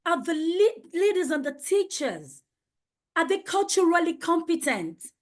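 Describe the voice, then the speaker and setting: A woman's voice: very high voice, sing-song, a little slow. A woman leading a safeguarding training for teachers, speaking emphatically and asking many rhetorical questions.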